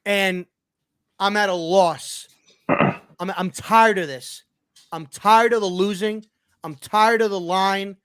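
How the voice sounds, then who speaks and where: Angry high-voiced man, sports show host, slow and dry-sounding, profane and emphatic. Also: fairly even intonation, a bit bright, smooth, no room sound. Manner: emphatic, repeats lines, profane. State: angry and frustrated. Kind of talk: heated sports rant.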